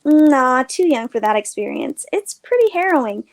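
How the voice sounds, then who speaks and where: Woman reading confident teen girl, teasing, a bit high and loud. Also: big pitch swings, normal speed, vocal fry, exaggerated voice. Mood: breezy. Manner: breezy, confident, higher and louder than the narration. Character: upbeat teenage girl, teasing local fisher's daughter.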